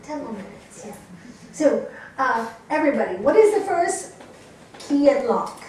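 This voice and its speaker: A woman's voice: sits high, a little slow. Woman yoga teacher lecturing in an echoey room. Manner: lively storytelling, asks the class questions. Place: yoga course room with students. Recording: echoey room, voice from a distance, faint noise.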